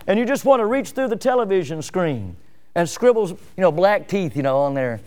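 A man pastor preaching a sermon in an animated, emphatic way, full of rhetorical questions. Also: high voice, brisk.

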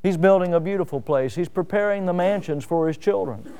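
A man preaching a sermon, telling homely stories with fillers and swinging from loud rises to soft drops. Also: high-pitched, fairly quick, clear, resonant tone. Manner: folksy storytelling with fillers. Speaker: pastor.

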